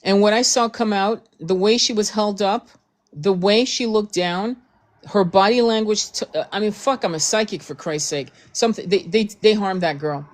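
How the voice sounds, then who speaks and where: A woman's voice: mid-range voice, moderate pace. Blunt, swearing woman ranting. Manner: blunt, profane, emphatic, repeats herself. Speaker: host. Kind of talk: heated casual commentary.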